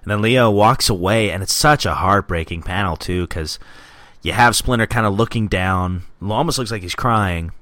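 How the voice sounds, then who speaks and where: A man co-hosting a casual podcast chat, excitedly recapping comic scenes. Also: lowish voice, moderate pace, no echo. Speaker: podcast co-host.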